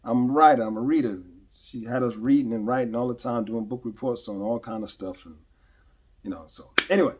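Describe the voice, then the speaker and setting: A man's voice: medium pitch, brisk, a little mellow, breathy edge. Emphatic man giving earnest commentary. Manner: earnest and emphatic, stresses key words with repeated restarts. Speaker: podcast host. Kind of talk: unscripted commentary monologue.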